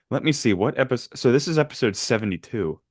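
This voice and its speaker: A young man in college hosting a casual podcast chat, talking fast and laughing often. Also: mid-range voice, very animated, slightly rough, dry recording, studio quality. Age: young adult. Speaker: podcast host.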